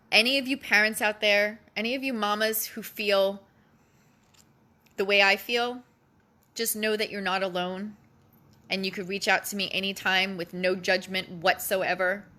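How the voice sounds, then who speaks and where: Close to tears, a mother speaks earnestly and emotionally to other parents, pleading and repeating herself for emphasis in a personal address. Her medium-pitched voice is steady and sharp in tone, and her pace is measured.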